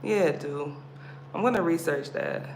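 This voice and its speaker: A woman's voice: low-pitched, normal speed, vocal fry, a little mellow. A woman from the States hosting a casual livestream, chatty and playful, laughing as she talks. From United States. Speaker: livestream host. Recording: roomy echo, background noise.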